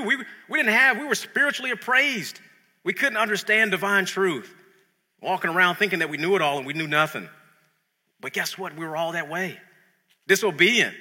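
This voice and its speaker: A man preaching a sermon in an animated, conversational way, often repeating words as he builds a point. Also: high-pitched, breathy edge, long reverb tail.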